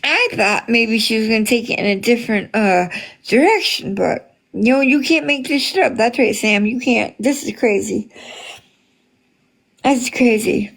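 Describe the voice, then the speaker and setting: A woman's voice: on the high side, lively intonation, unhurried, gravelly. A woman hosting a casual livestream, chatting with viewers and greeting them by name, with many fillers. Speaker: livestream host reading chat.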